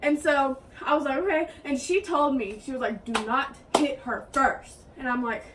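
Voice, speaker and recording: Animated high-voiced young woman. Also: normal speed. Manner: animated, acts out quotes in raised voices. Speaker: co-host. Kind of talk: casual storytelling. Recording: mic at a distance, faint background hiss.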